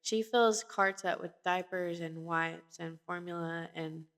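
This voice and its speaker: A woman's voice: lowish voice, steady tone, unhurried, fairly bright tone. A woman co-hosting a podcast, chatting casually and retelling stories with lots of fillers and restarts. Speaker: podcast co-host. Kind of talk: casual chat.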